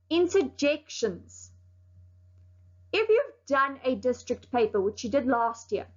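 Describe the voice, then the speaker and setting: Her high-pitched voice carries a fairly bright tone as she teaches young children, explaining step by step and emphasizing key words firmly. The recording of the lesson is somewhat dull and lo-fi.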